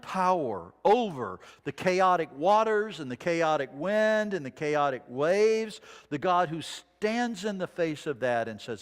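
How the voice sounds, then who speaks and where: A man preaching a sermon, reading scripture dramatically and dropping to a hush for quoted lines. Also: on the high side, sing-song, measured pace, few pauses. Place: church sanctuary. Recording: long reverb of a church sanctuary.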